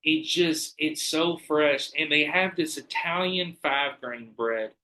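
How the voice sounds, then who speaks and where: Man, podcast guest; bright, tense tone, slightly high, animated storyteller who swears freely. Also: takes it slowly, rough recording. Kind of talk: casual chat, storytelling.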